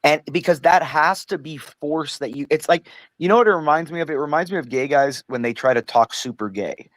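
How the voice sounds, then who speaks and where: A man's voice: a little high, brisk, no room sound. An American man from Southern California arguing in a casual group chat, pushy and calling others "dude" and "bro.". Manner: argumentative, says "dude" and "bro".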